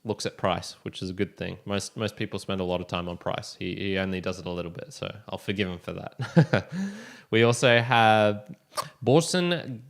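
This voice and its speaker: A man's voice: low-pitched, steady tone, moderate pace, gravelly. A young man hosting a solo podcast, talking casually and rambling with frequent restarts and chuckles. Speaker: podcast host.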